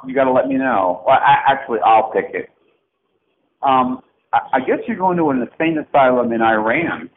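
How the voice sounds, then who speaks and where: A man's voice: mid-range voice, moderate pace. A middle-aged man leaving a profane, mocking, erratic rant with sarcastic swings, as on a phone message. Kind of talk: angry rambling phone message. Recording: tinny phone line with faint hiss.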